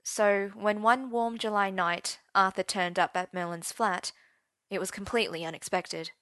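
Female story narrator, intimate dramatic reading, dry close recording, mid pitch. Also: steady tone, normal speed, fairly bright tone, no room sound. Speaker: story reader.

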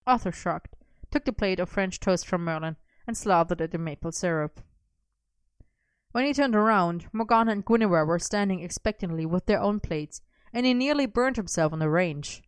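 A woman's voice: lowish voice, expressive, normal speed, no echo. A woman reading a lighthearted story aloud with wry, comic timing. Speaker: narrator.

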